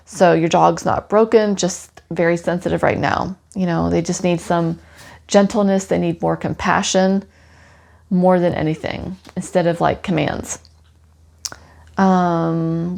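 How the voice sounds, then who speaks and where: A woman with a low, gravelly voice talking through a tarot reading. She speaks softly and soothingly and leans on "you know" fillers, like a casual chat with a client. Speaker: tarot pet reader.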